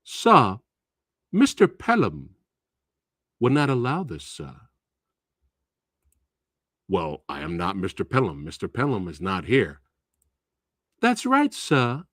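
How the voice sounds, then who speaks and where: A man's voice: medium pitch, fairly bright tone, breathy edge, no echo, studio quality, heavily acted. A man doing creepy polite schoolboys. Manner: overly formal, calls everyone sir. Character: polite menacing teenage schoolboys.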